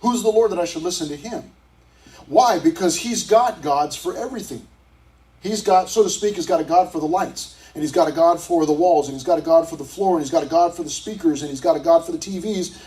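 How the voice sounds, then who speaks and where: A man's voice: fairly high pitch, a little fast, dark tone, far from the mic, poor audio. A man, a youth pastor, teaching scripture to a group in a casual, conversational way, often restarting his sentences.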